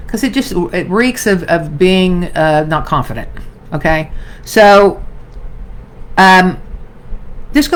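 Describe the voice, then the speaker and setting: A woman's voice: mid-range voice, lively intonation, normal speed. A middle-aged woman acting coach teaching an online class in a chatty, self-interrupting way, calling her viewers "you guys" and "darling".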